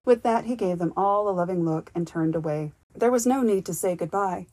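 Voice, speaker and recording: A woman narrates a storybook audiobook in a calm, measured and gentle way. Her voice sits fairly low, and the recording is dry and close. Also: dry recording. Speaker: audiobook reader and podcast host.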